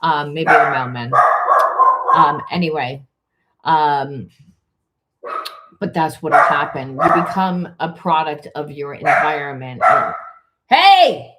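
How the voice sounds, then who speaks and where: A woman's voice: low voice, fairly even intonation, slow, long pauses, heavy background noise. A woman, a spiritual coach, talking through emotional healing in a loose, rambling way full of restarts and fillers. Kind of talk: informal coaching monologue.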